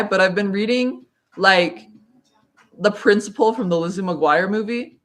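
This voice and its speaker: A woman's voice: medium pitch, unhurried. Woman dramatically reading her textbook aloud. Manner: dramatic read-aloud with playful asides. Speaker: vlogger.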